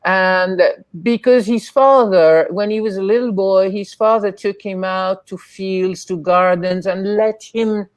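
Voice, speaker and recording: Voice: mid-range voice, steady tone, unhurried, dry recording. A guest in a casual interview, telling rambling anecdotes and acting out the voices of people in the stories. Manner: acts out quoted voices.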